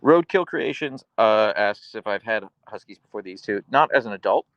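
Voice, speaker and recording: A man's voice: fairly low pitch, lively intonation, moderate pace, a bit bright, dry recording, muffled recording. A man hosting a casual live stream, chatting easily as he answers viewers' questions. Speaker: livestream host reading chat.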